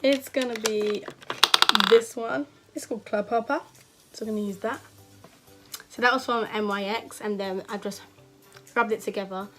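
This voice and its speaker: A woman's voice: fairly high pitch, fairly even intonation, normal speed, long pauses, music in the background. A young woman from England talking casually through a makeup tutorial, chatty and full of slang. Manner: chatty, slangy, lots of "you know". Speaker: beauty vlogger.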